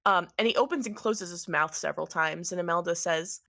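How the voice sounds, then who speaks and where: A woman's voice: lowish voice, brisk, pushed and bright. A woman narrating as game master of a tabletop game, with fillers and frequent giggles.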